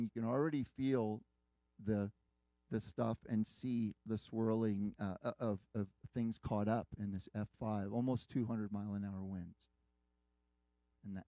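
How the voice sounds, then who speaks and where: A man's voice: medium pitch, warm tone, dry recording. A man preaching a sermon, earnestly retelling a dramatic story with quoted dialogue.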